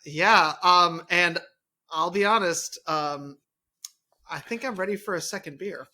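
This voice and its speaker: A man's voice: sits high, unhurried, sharp tone. A man co-hosting a podcast in casual chat, hesitant and repeating his words. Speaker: podcast co-host.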